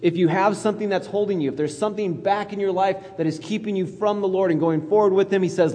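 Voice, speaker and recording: A man's voice: high voice, fast, few pauses, dark tone, long reverb tail. A male pastor preaching a conversational sermon, acting out quoted voices as he goes.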